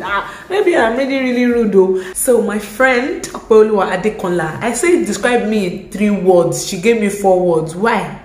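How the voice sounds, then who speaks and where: Expressive Nigerian woman vlogging. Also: medium pitch, moderate pace. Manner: expressive storytelling with Yoruba asides. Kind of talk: casual chatty vlog. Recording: echoey room with faint music.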